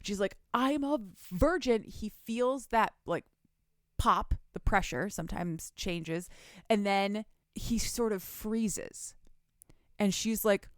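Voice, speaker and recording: A woman's voice: mid-range voice, takes it slowly, clean tone, no room sound, studio quality. A young woman co-hosting a podcast, casually and animatedly retelling a book's plot with laughs and swearing. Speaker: podcast co-host recapping a book. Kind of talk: casual chat.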